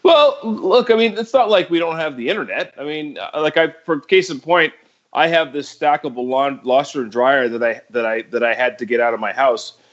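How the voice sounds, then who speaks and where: A man on a casual podcast, talking in a relaxed, practical way with plenty of fillers. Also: a little high, normal speed, muffled recording. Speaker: podcast co-host.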